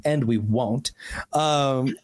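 A man's voice: mid-range voice, very slow, a little mellow. A man co-hosting a podcast in casual chat, rambling and earnest with lots of restarts. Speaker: podcast co-host.

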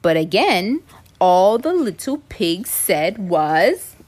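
A woman in her thirties reading a children's picture book aloud, playful and expressive, acting out the animals' voices. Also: medium pitch, takes it slowly. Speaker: storytime reader, mom. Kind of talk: children's storybook read-aloud.

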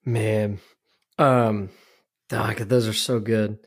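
A man's voice: lowish voice, little pitch movement, extremely slow. A man in casual chat, laughing as he acts out lines from favorite sitcom scenes.

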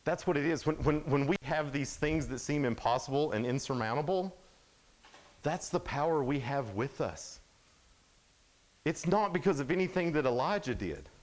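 A young adult man giving a casual, animated sermon at a youth camp, sometimes dropping to a hush. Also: fairly high pitch, normal speed. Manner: casual, animated storytelling, drops to hushed tones.

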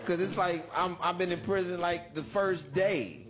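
A man with a slightly raised voice spins a funny story in relaxed conversation. He keeps it animated, slipping into voices for each person he quotes and chuckling as he goes. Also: high voice, moderate pace, crowd noise. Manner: animated, acts out dialogue in voices, laughs mid-story. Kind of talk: casual comedic storytelling.

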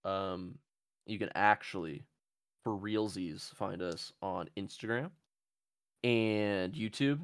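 A man hosting a casual comedy podcast. He rambles from joke to joke and swears freely. His voice sits low, and the recording is dry and close. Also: slow pace, a bit bright, no room sound. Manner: profane, joking, rambling. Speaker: podcast host.

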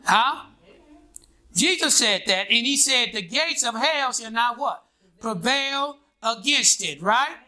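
A man's voice: extremely high pitch, animated, slow, bright, forceful tone. A man preaching a sermon in a call-and-response style, prodding his congregation with "what?" and "huh?" and waiting for them to answer. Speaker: pastor.

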